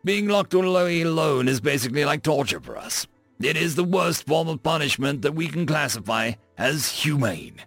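A man's voice: fairly high pitch, very animated, moderate pace, vocal fry, fairly bright tone, faint music behind, voice pushed up, full character voice. A man voicing an easygoing human crewman who talks casually and swears lightly. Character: easygoing young adult human spacer man, crude-mouthed.

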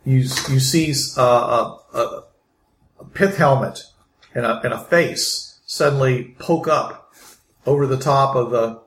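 Halting man narrating a tabletop game. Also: mid-range voice, a bit bright. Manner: halting, many restarts and fillers. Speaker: game master. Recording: echoey room, faint noise.

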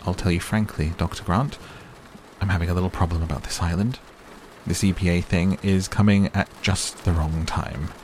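A man's voice: deep voice, fairly even intonation, normal speed, a little mellow, a little hiss or hum, lightly acted. A man voicing an old male tycoon who is cheerful, persistent and talks over others, read as an audiobook character. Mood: uneasy.

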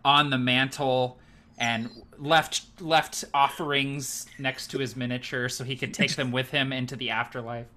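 A man co-hosting a casual podcast chat about tabletop games, animated and quick to slip into silly voices. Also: mid-range voice. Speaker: podcast co-host.

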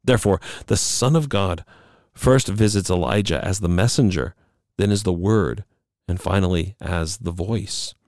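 A man teaching a Bible study lesson, measured and emphatic, slowing down on key words. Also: low voice, a little mellow, no echo, studio quality.

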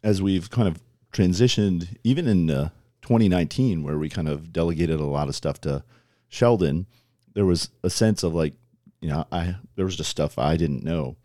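Deep-voiced middle-aged man, dry humor. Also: warm tone, no room sound. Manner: dry self-mocking humor, quick bursts of laughter. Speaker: guest, club board chairman. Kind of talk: casual interview chat.

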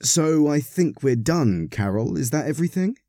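A man's voice: on the high side, sing-song, normal speed, warm tone, dry recording, studio quality, pitched above the performer's own voice. A man playing a mild, flustered vicar. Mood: mild, cautious. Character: mild, anxious middle-aged male vicar.

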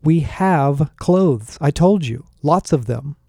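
A man voicing an earnest, oddly literal young man from another world, slow and halting. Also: on the high side, expressive, warm tone, dry recording, clean studio sound. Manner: slow, halting, proud and naive.

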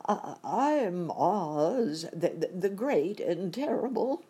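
A frightened little old wizard stammers and pleads in a shaky, lifting voice, as a woman reads him. The voice is husky and slow, swinging widely up and down. He sounds like a storybook fraud caught out. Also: on the low side, wildly swooping pitch, a little mellow, full character voice. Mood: trembling. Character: timid little old male wizard, a humbug.

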